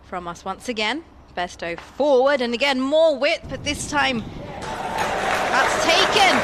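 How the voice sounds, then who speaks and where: A woman commentating ball by ball on cricket, describing each shot smoothly. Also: high voice, expressive, slow pace. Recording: crowd and noise behind.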